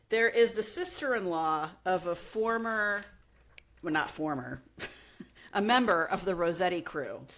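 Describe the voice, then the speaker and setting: Young woman podcast host telling a crime story, jumps into voices for everyone in it. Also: lowish voice. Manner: animated storyteller acting out quotes. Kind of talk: casual chat, retelling a true crime story.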